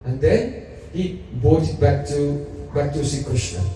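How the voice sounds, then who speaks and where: A male preacher recounts a sacred story in lively detail and stops to question his listeners. His voice is high and mellow. He sounds far from the mic, in a hall with heavy reverb. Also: measured pace, slight background noise. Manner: animated storyteller, quizzes audience. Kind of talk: storytelling sermon. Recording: echoey hall, mic at a distance.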